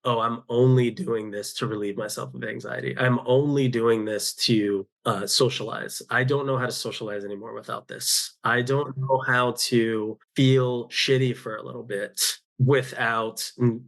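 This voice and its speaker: A man's voice: mid-range voice, fairly even intonation, unhurried, vocal fry, hardly any pauses, a bit bright. A man, a podcast guest, talking candidly about his own life in a rambling way, with frequent restarts and quoted thoughts, recorded at home. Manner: open, rambling, with many restarts and self-quotes. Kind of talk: candid personal storytelling.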